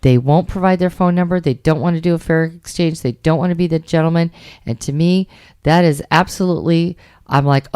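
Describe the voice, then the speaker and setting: A middle-aged woman co-hosting a radio talk show, chatting about dating in an animated, emphatic way. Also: low voice, brisk, clear, resonant tone, dry recording, studio quality. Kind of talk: casual chat about dating.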